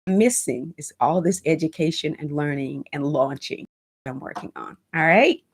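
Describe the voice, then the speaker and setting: On her home decor livestream, a woman in her fifties speaks in a low, husky voice with lively intonation at a normal pace. She's casual, warm and emotional, reading comments aloud, thanking viewers by name and encouraging them through talk of her faith.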